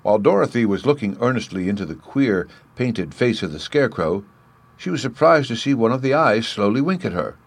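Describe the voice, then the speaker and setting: Husky, expressive male storyteller. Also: medium pitch, brisk. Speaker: narrator. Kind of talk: scripted narration of a classic book.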